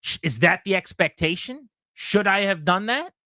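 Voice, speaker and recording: A man hosting a radio show, telling a story in a casual, animated way and acting out the voices of the people in it. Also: high voice, moderate pace, no echo, clean studio sound.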